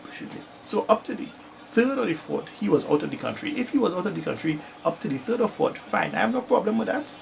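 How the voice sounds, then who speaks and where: A man with a Trinidadian accent delivers a self-made political rant in a gravelly, rough voice. His pitch sits a little high and leaps around animatedly as he hammers each point again and again. A faint hiss of noise runs underneath. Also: fast, poor audio. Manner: emphatic, lively, repeats points for stress. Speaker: political commentator.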